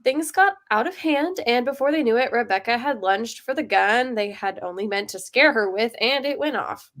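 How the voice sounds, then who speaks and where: A woman reading a short story aloud, then chatting about it in a lively way. Her voice sits a little high and she laughs often. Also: moderate pace.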